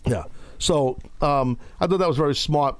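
Brash wrestling podcast host, dry studio sound. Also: male voice, fairly high pitch, normal speed, no echo. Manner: loud, playful, breaks into shouting bits. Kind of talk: casual wrestling talk. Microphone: studio mic.

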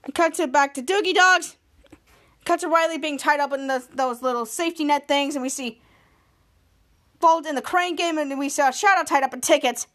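A woman's voice: sits high, normal speed, a bit bright. A woman hosting a podcast, retelling a TV episode scene by scene and acting out the characters' lines in a raised voice. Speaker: podcast host. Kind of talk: recapping a TV episode.

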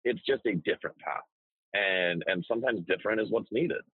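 A man with a low, husky voice coaching on a podcast, blunt and profane. His voice comes through tinny and narrow, like over a phone line, in a dry space. He tells stories with animated energy. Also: fairly quick, no echo. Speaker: business coach. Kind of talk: casual podcast chat.

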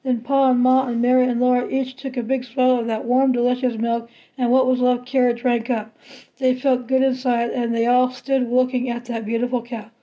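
A woman reading a children's novel aloud in a steady, plain way, now and then restarting a word, on a slightly muffled recording. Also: fairly high pitch, moderate pace. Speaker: narrator.

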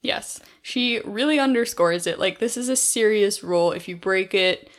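A woman's voice: mid-range voice, normal speed. A woman co-hosting a podcast, chatting casually and recapping a book with lots of fillers. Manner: chatty, frequent fillers, acts out quotes. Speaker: podcast co-host.

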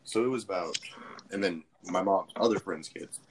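Young man, deep voice, profane, rambling storyteller, casual podcast chat. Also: moderate pace, noisy background. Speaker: podcast co-host.

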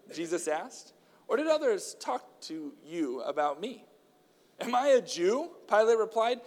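A man with a fairly high voice delivers a sermon, talking casually and with some fillers before reading long passages aloud with strong emphasis. His voice carries a long reverberant tail, as if he is speaking in a large hall. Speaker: preacher.

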